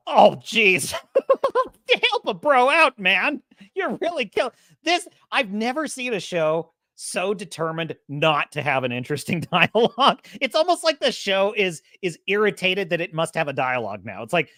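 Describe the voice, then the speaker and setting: A woman's voice: medium pitch, big pitch swings, unhurried, a bit bright, dry recording, clean studio sound. A woman hosting a show, ranting casually and sarcastically, laughing often and doing mocking impressions. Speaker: show host. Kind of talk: casual commentary rant.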